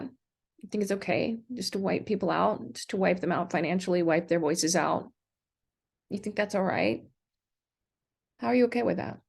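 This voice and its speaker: Gravelly indignant woman ranting. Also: medium pitch, a little mellow. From United States. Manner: indignant, rambling, many ums and restarts. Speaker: vlogger. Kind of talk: ranting livestream monologue.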